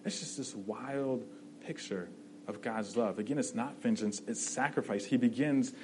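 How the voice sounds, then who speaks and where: A man's voice: mid-range voice, normal speed, background noise. A man preaching a sermon in a conversational way, often checking in with "right?" and restarting his phrases.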